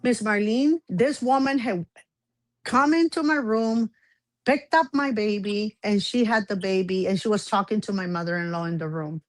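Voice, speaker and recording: A woman guest telling a personal story in casual chat, animated, acting out the back-and-forth she describes. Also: medium pitch, moderate pace, no room sound. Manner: animated, acts out quoted exchanges.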